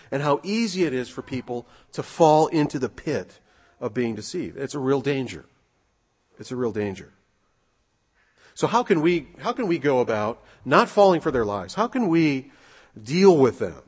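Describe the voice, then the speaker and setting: A man preaching a sermon in a church, talking things through casually and throwing rhetorical questions at his listeners. His voice is a little husky and sits in the middle of the usual male range, and a long hall reverb trails behind every phrase. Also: medium pitch. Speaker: pastor.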